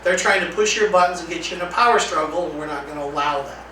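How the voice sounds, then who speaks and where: A man leading a training lecture, talking conversationally and acting out calm example lines. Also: on the high side, fast talker. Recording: echoey room from far off, faint noise.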